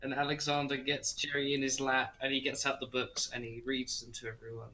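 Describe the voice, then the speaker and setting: A man's voice: mid-range voice, monotone, a little fast, bright, forceful tone, slight background noise, low-quality recording. A man playing a tabletop game over a stream, casually describing what his character does. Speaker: player.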